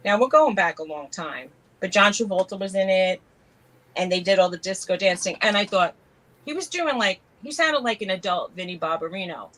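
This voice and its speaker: A woman's voice: mid-range voice, animated, brisk, fairly bright tone, poor audio. A woman from New York with a New York accent, co-hosting a casual live-stream chat and telling stories between laughs. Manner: chatty, laughs often, tells stories. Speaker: co-host.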